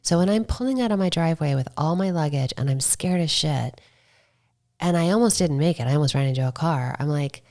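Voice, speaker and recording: A woman filmmaker chatting as a podcast guest, telling lively stories and quoting herself. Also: low voice, brisk. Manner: animated storytelling, quotes herself. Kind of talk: casual interview chat.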